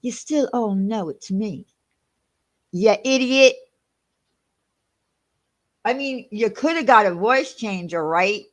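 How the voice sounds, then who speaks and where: A woman hosting a casual livestream, her voice sitting at a mid pitch. She talks in an animated, gossipy way, quick to sound indignant. She often breaks off to sort out her screen share. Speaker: channel host.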